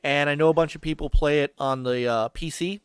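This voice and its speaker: A man's voice: a little high, steady tone, brisk, clear, resonant tone, no echo. A man hosting a video game podcast in casual chat, talking in a loose, chatty way with restarts. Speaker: podcast host.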